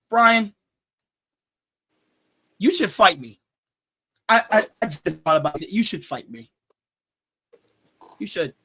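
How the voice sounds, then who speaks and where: High-voiced joking male show host. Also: animated, takes it slowly, pauses often, pushed and bright, breathy edge. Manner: joking, laughs at own jokes, repeats words. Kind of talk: casual sports talk show.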